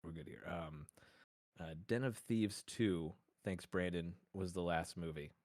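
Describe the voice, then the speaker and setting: A man whose voice sits low and a little mellow co-hosts a podcast, speaking at a measured pace. He pleads his case in a playful mock-courtroom style, rambling, mock-formal and often laughing, recorded in studio quality with no room sound.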